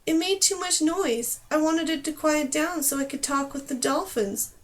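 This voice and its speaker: A woman's voice: sits high, moderate pace, voice pushed up, natural voice. A woman voicing a stubborn young girl in an audiobook, speaking plainly and bluntly.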